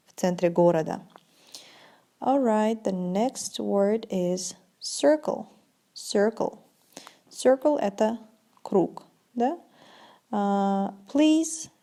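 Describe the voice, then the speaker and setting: A woman teaching an English vocabulary lesson, saying each word slowly and clearly, then translating it. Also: medium pitch, dark tone. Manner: slow, deliberate pronunciation drills.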